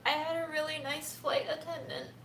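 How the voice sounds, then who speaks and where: A young woman speaking softly and haltingly, close to tears, in a personal livestream from home. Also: high voice, level tone, slight background noise. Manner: soft, halting and tearful, often near a whisper. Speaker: vlogger. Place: home room. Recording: echoey room with faint ambience.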